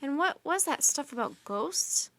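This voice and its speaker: A woman reading the part of a young boy who speaks in a plain, matter-of-fact, low-key way. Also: animated, measured pace, sharp tone, no echo, full character voice.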